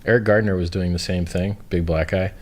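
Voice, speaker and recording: A man's voice: low voice, fairly even intonation, a little fast, darkish tone. A man on a video call, talking bluntly and jokingly, with plenty of profanity. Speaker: interview guest. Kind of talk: casual interview chat.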